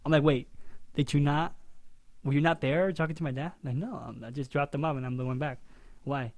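A young man co-hosting a podcast, telling a story with lively, loudly acted-out quotes. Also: fairly high pitch, fairly quick, no echo. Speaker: podcast co-host. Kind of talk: casual storytelling chat.

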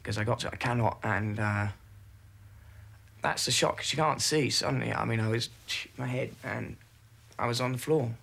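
A man recounting a personal ordeal in halting testimony, full of fillers and restarts. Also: mid-range voice, steady tone, gravelly, a bit bright, husky. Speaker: interviewee recalling captivity.

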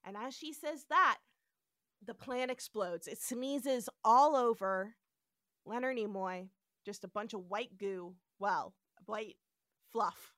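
A woman co-hosting a podcast, casually recapping an episode in an animated way, acting out quoted lines and swearing now and then. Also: mid-range voice, takes it slowly, no echo, studio quality. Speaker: podcast co-host.

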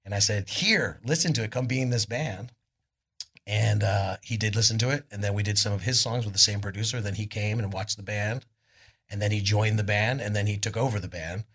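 A middle-aged man from California, a guest musician telling laid-back, animated stories at a live podcast show, acting out what others said. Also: on the low side, a little fast, slightly rough. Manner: laid-back, animated storytelling with voices for quotes. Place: arts club on stage before an audience.

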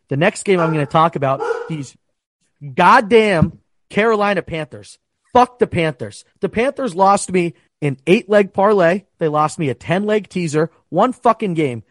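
A young man talks sports bets in a heated, profane rant. His voice sits on the higher side. The sound is dry and close, with no room around it. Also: animated, moderate pace, no room sound. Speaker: sports betting podcast host. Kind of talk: casual sports betting talk.

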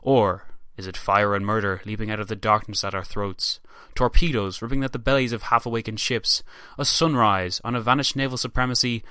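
A man's voice: mid-range voice, bright, forceful tone, clear, resonant tone, no room sound, studio quality, lightly acted. A man doing an impression of a grave elderly male statesman, delivering a declamatory speech. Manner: rolling, declamatory oratory.

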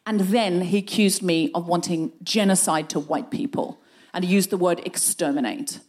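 A woman's voice: lowish voice, moderate pace. Woman hosting a live podcast, telling a funny story, doing everyone's voices and laughing along. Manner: animated anecdote, acting out quoted voices, laughing through. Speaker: podcast host. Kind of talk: comic storytelling to a live audience. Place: live show on a stage.

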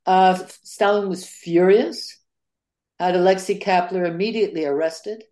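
An older woman historian answering interview questions on a podcast, speaking in halting sentences full of fillers and restarts. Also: fairly low pitch, dark tone. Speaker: author and historian guest.

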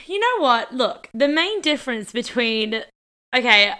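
A young woman with an Australian accent chats casually as a podcast co-host. Her voice is bright and crisp, and she teases and laughs easily. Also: a little high, sing-song, unhurried. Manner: laughing, teasing, chatty. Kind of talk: casual chat.

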